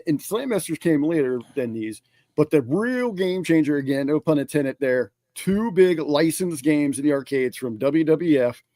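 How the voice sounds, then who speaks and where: A man with a somewhat high voice hosts with lively energy, doubling words as ideas rush out. His voice sits dry and close, with no echo. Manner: animated, repeats words when excited. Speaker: podcast co-host. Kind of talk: casual chat.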